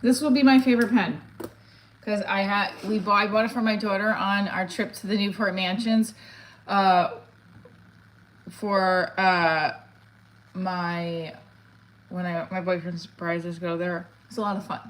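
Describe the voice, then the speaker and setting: A woman's voice: medium pitch, steady tone, unhurried, long pauses, slight background noise. A middle-aged woman, a comedian, chatting casually on a livestream, rambling and reading viewer comments aloud.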